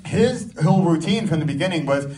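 A man's voice: on the high side, lively intonation, fairly quick, a little mellow. A man performing a rambling, self-mocking live stand-up set, laughing at his own jokes in front of an audience. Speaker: stand-up comedy student performing a first set. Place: small comedy venue with a live audience. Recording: distant mic with audience noise.

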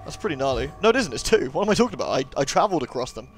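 A man's voice: fairly high pitch, very animated, very fast. A man casually commentating his gameplay, chatty and rambling with jokey asides. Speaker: let's play host. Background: game music.

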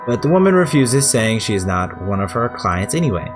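A man's voice: mid-range voice, sing-song, a little fast, faint music behind. Irreverent, rambling male gamer. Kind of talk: casual let's-play commentary.

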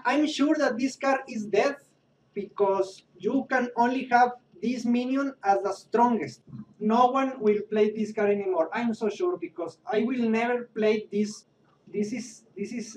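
A man vents his exasperation, repeating himself, cursing and restarting his sentences. He sounds a little far from the mic, with a faint hum in the background. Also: very high voice. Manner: exasperated, repetitive, swearing, restarts often. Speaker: Twitch streamer. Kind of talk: rant about a card game.

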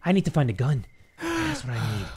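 A young man giving excitable let's play commentary on a game, breaking into shouts and yelps. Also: on the high side, brisk, over a noisy crowd. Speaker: gaming YouTuber.

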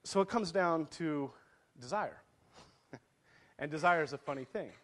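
A pastor in his thirties delivers a sermon in a slightly high voice. He tells a family story with laughter and acted quotes, then reads scripture to his congregation. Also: expressive, a little slow, fairly bright tone.

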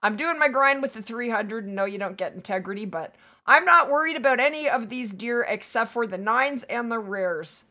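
On a hunting-game livestream, a woman chats casually with viewers while playing, reading their messages aloud. Her fairly high voice is pushed and bright but going hoarse after days of streaming, and she's upbeat, talkative and quick to laugh.

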